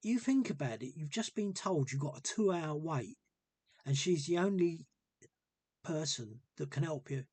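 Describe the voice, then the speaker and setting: Man, husky voice, dry close sound, rambling and repetitive, earnest storytelling. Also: on the high side, expressive, a little slow, a little mellow, dry recording. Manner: rambling, repeats himself, earnest. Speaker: vlogger telling a personal story. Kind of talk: casual storytelling monologue.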